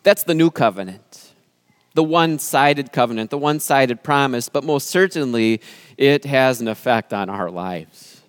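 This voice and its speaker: A pastor giving an earnest sermon, speaking with emphasis and dramatic pauses. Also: male voice, mid-range voice, lively intonation, no room sound, clean studio sound.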